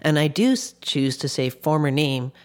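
A guest in a casual group discussion who speaks in a measured, considered way. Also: mid-range voice, expressive. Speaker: panel guest.

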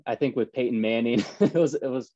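A man's voice: mid-range voice, fairly quick, warm tone, lo-fi sound. A man hosting a casual interview over a video call, mostly giving short reactions and laughs. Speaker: podcast host.

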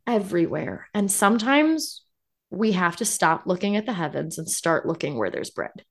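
A woman's voice: on the low side, big pitch swings, normal speed. A woman co-hosting a podcast, musing reflectively in casual conversation. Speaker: podcast co-host. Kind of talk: casual chat about a book.

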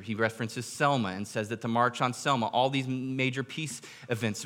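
A man, a pastor giving a sermon, retelling a story in a storytelling manner, going quiet for quoted lines and slowing down for emphasis. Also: medium pitch. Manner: drops quiet for quoted speech, slows for emphasis.

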